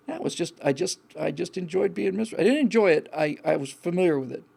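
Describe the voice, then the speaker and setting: A man's voice: high voice, expressive, fast talker, gravelly, hardly any pauses, darkish tone, slightly rough. A man hosting a live call-in show, giving blunt, frank advice in a rambling way with many restarts. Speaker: host.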